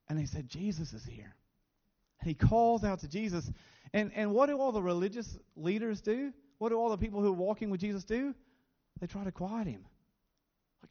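Male pastor, fairly high voice, earnest sermon delivery, muffled lo-fi recording. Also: expressive, normal speed, a little mellow. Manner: earnest, repeats words when stressing a point.

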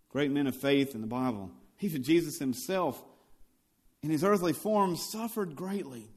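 A male pastor preaching a sermon, swinging between loud and hushed lines and building on repeated phrases. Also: fairly high pitch, normal speed, breathy edge.

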